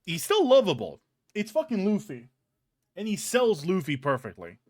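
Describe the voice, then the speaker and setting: A man's voice: high-pitched, normal speed. A young man streaming, ranting casually and profanely with many restarts, in a hot room with a fan on. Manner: animated, profane, rambling with restarts.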